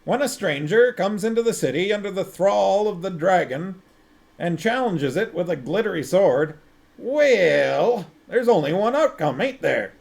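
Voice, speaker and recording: Shifty storybook street hawker, folksy and wheedling, bouncy pitch, as a male reader plays him. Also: animated, measured pace, creaky, a little mellow, full character voice. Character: shifty street-hawker man, pleasant and scheming.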